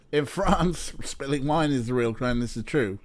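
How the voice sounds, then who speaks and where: A man's voice: medium pitch, unhurried. Joking, rambling male game streamer. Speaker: let's play streamer. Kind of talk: casual gameplay commentary.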